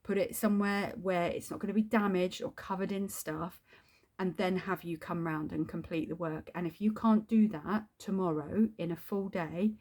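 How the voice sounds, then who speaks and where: A woman's voice: lowish voice, a little mellow. A woman venting in a video diary, swearing often as she rants. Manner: swears a lot, ranting. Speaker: video diarist. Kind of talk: angry venting vlog.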